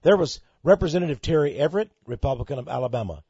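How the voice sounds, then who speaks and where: Texan male radio host, high and animated, emphatic and sarcastic, dull lo-fi broadcast sound. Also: racing, breathy edge, no room sound. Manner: emphatic, sarcastic, dramatic delivery. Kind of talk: radio talk monologue.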